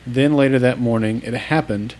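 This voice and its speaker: A man's voice: medium pitch, fairly even intonation, normal speed, darkish tone. A man from Oklahoma co-hosting a casual podcast, reading listener emails aloud in an easygoing, joking way. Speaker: podcast co-host.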